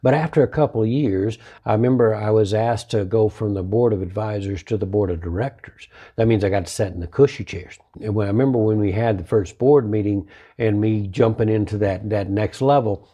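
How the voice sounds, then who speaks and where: Husky, mellow man telling folksy stories. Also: on the low side, a little fast. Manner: folksy, conversational, repeats key phrases. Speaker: host and martial arts business owner. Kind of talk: motivational storytelling talk.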